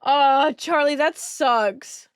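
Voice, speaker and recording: A woman's voice: high-pitched, extremely slow, dry recording, studio quality. A young woman streaming while she colors, chatting casually with her chat, giggling and swearing freely.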